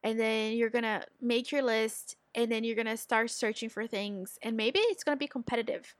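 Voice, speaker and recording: A woman's voice: fairly high pitch, normal speed, no room sound. Upbeat woman podcast host. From Brazil. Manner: energetic, encouraging, talks straight to listeners. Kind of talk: motivational business podcast.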